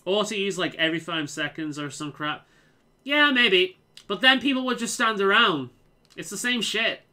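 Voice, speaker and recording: A streamer from the Liverpool area gives loose, rambling let's-play commentary, swearing freely and talking through opinions between moves. The voice is bright and forward and sits at an ordinary pitch.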